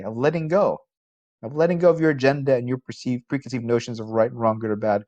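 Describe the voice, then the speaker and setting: Speaking at medium pitch, a male philosophy professor gives a college lecture. He keeps it conversational with rhetorical questions and livens up when he tells a story.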